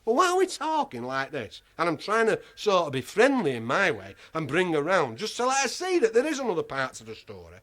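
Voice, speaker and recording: A man's voice: high voice, huge pitch swings, a little fast, hardly any pauses, a bit bright. A man telling a comic anecdote to a live audience, rambling, exasperated and swearing freely as he acts out the voices of the other people in it. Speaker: comic storyteller.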